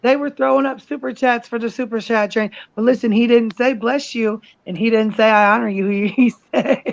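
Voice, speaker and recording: A woman's voice: a little high, steady tone, normal speed, vocal fry, no echo. Woman on a call, mocking and sweary, muffled dry audio. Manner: storytelling, mocking, profane. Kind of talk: casual livestream chat.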